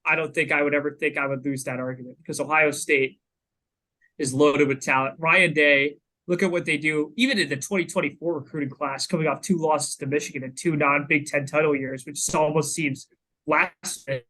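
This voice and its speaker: A man's voice: on the high side, steady tone, moderate pace, sharp tone, poor audio. A man co-hosting a sports podcast, talking casually with lots of filler words. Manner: chatty, lots of "you know" fillers. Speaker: podcast co-host.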